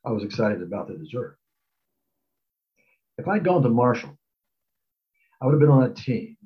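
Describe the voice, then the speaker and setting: A man's voice: mid-range voice, big pitch swings, normal speed, muffled recording. An older man casually telling a personal anecdote, rambling with fillers and acting out quotes. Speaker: storyteller recalling his college recruitment.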